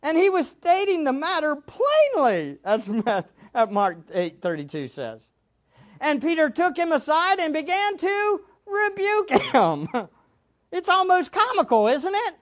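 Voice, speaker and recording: A woman teaching a Bible lesson as a sermon, emphatic and animated, acting out the quotes she reads. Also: very high-pitched, normal speed, highs cut off.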